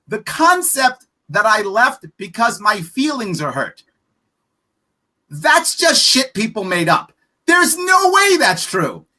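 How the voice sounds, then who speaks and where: A man's voice: high-pitched, big pitch swings, slow, bright, forceful tone. A man being interviewed on a podcast as a political candidate, talking emphatically and bluntly, firing off rhetorical questions. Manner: profane, frank.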